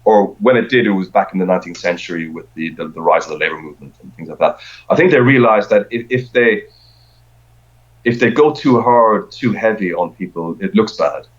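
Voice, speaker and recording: A man's voice: low voice, brisk. A middle-aged man chatting as a podcast guest, rambling and often repeating words as he restarts his sentences. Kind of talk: casual conversation. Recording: dull lo-fi sound.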